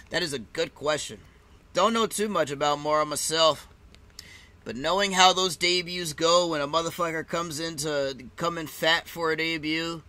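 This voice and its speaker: A man's voice: on the high side, bright, forceful tone. A man casually chatting and laughing as he reacts live to a fight card, with loose, swearing banter.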